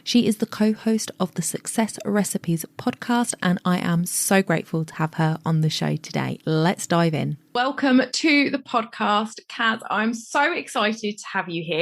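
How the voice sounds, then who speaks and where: A woman with an English accent hosting a podcast, chatty and upbeat, often laughing as she talks. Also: medium pitch. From England. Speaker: podcast host. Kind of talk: casual podcast interview.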